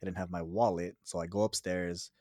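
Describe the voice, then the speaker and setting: A man's voice: low voice, level tone, a little fast, darkish tone, no echo, studio quality. A man casually telling a rambling story to a friend, often laughing as he talks. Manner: laughs through his own stories; loose, rambling with restarts.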